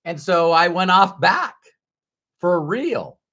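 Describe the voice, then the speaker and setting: A middle-aged man speaking as a motivational speaker tells a personal story candidly in a high voice at a slow pace, breaking into sudden loud, animated bursts.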